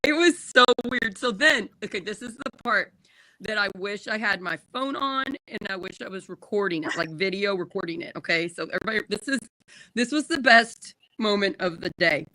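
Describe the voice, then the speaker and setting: Woman in her 30s telling a funny story, bright voice, dry sound, lots of laughing. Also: medium pitch, animated, moderate pace, no echo, poor audio. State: recovering from surgery. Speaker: podcast co-host. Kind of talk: casual storytelling chat.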